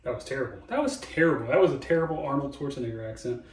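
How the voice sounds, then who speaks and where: A man's voice: medium pitch, animated, racing, reverberant, distant mic, heavy background noise. A man hosting a DIY car repair video in his garage, talking casually and joking as he explains each step aloud. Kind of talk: casual how-to narration while working. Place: home garage.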